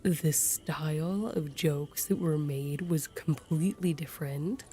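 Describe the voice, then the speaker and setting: A woman's voice: sits low, slow pace, dark tone, slight background noise. A woman giving casual, chatty commentary while playing a video game. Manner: chatty, offhand. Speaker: gamer streamer.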